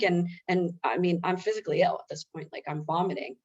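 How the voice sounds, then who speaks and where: A woman's voice: on the low side, fairly even intonation, fast talker, few pauses, darkish tone. Candid woman presenter on muffled webinar audio. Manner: candid, self-mocking, conversational. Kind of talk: webinar presentation told as a personal story. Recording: slightly dull lo-fi webinar audio.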